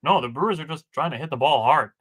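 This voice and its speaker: A man's voice: on the high side, fast talker, a bit bright. A man co-hosting a casual sports podcast, working through game stats from his notes with dry asides. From Wisconsin. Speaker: podcast co-host.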